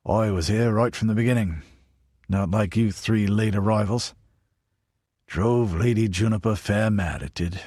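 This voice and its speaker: A man's voice: on the low side, unhurried, a little mellow, no echo. A man voicing an older veteran soldier, dry and derisive.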